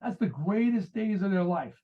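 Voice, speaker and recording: A man's voice: high-pitched, expressive, moderate pace. A man in his sixties from the United States, a guest author and musician, telling rambling stories and acting out quoted dialogue. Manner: rambling storyteller who acts out quoted dialogue. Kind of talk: casual interview conversation. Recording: tinny phone-like remote line.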